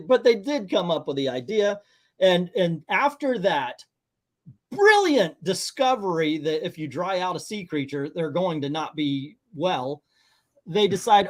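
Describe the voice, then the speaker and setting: Guy doing a movie review, kinda high voice, sarcastic, does silly mocking voices. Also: very animated, measured pace. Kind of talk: casual movie review chat.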